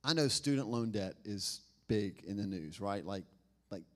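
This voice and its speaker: A man's voice: on the low side, lively intonation, measured pace. Male pastor, conversational sermon delivery, engages the room with questions. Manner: conversational, asks the congregation questions.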